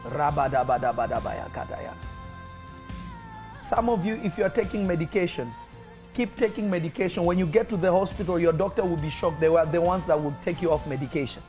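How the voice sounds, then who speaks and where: Brief: mid-pitched preacher, commanding deliverance prayer, tongues, soft music behind. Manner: commanding declarations mixed with speaking in tongues; rising to loud fervent peaks, then dropping to quick murmurs. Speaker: pastor. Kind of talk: live-streamed deliverance prayer.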